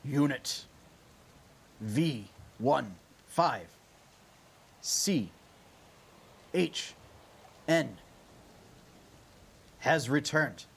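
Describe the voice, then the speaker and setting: A man voicing a booming mechanical guardian that speaks in slow, clipped announcements. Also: lively intonation, gravelly, fairly bright tone, husky, exaggerated voice. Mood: commanding.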